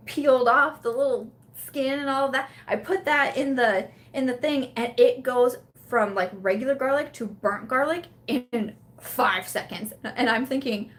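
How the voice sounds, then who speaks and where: Animated young woman telling a story. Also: sits high, normal speed. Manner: animated, laughing storyteller, many fillers. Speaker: livestream host. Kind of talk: casual live chat storytelling.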